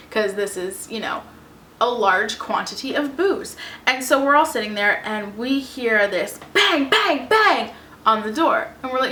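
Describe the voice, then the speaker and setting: A young woman vlogger telling a story in a casual, animated way, with lots of "like" and a hushed voice at the tense parts. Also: on the high side, moderate pace, a little hiss or hum. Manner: animated, chatty, lots of "like", drops to a hush for suspense. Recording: echoey room, mic at a distance.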